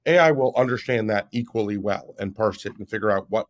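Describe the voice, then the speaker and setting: A man's voice: on the low side, brisk, few pauses. A man in his fifties, a guest on an interview show, explaining at length in an emphatic way and often checking in with "right?". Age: 50s. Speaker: guest, app founder. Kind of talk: podcast interview.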